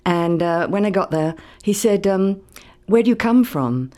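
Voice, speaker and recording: A woman's voice: mid-range voice, animated, measured pace, darkish tone. An older woman from London with a London accent tinged with American, chatting as a radio guest, laughing often and telling stories with energy. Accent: London English, with some American. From England, London. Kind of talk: casual radio interview chat.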